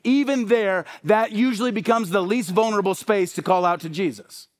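High-voiced male pastor, conversational sermon, many rhetorical questions. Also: moderate pace.

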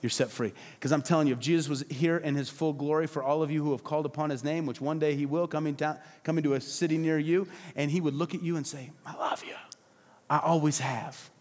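A man preaching a passionate sermon as pastor, emphatic and repetitive, at times dropping to soft, low tones. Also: fairly even intonation, fast talker, hardly any pauses, big-room sound. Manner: acts out quoted voices, drops to soft low tones. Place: church hall.

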